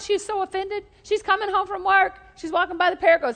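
A woman preaching a humorous sermon, animated and joking, drawing the congregation into call-and-response. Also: extremely high pitch, a little fast, vocal fry, long reverb tail.

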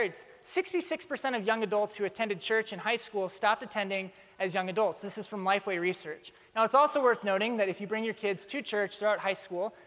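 Give me a young male pastor preaching with animated humor, his voice ringing in a large reverberant hall. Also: high-pitched. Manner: animated storytelling with self-mocking humor. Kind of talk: sermon.

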